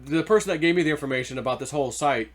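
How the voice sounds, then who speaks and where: A man's voice: fairly high pitch, lively intonation, rapid-fire. Rambling man telling a treasure story. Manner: rambling, loose, full of "like" and "you know". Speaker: treasure-hunting video host. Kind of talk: casual storytelling monologue.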